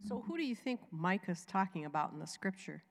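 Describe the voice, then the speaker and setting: A woman's voice: lowish voice, lively intonation, fairly quick. Southern woman preaching in a reverberant hall. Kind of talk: sermon.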